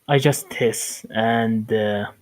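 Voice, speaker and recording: A male player at a tabletop game who talks slowly and hesitantly. He fills the gaps with fillers as he works out his moves. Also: fairly low pitch, fairly even intonation, poor audio. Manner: slow, hesitant, many fillers.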